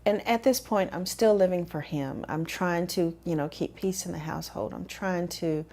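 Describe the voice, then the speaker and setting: A woman telling her own story in a measured, reflective way with frequent fillers. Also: lowish voice, a little mellow. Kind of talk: personal testimony.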